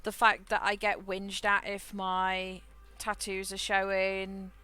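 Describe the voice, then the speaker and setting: Chatty woman with a bright voice. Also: mid-range voice, monotone, slow pace, smooth. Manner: chatty and rambling, laughs often. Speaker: streamer. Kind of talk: casual chat while gaming.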